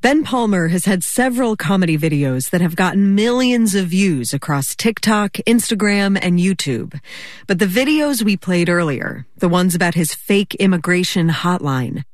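A woman reporter reading scripted news narration in a measured, clear way. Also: on the low side, lively intonation, dry recording, clean studio sound. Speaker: radio reporter.

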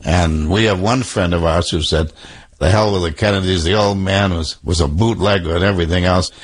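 An older man with a broad Boston accent tells an anecdote in an archival interview. His voice sits low, and his delivery is loose and conversational. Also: a little fast. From Boston area, USA. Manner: relaxed anecdotal storytelling. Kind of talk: recorded interview, storytelling.

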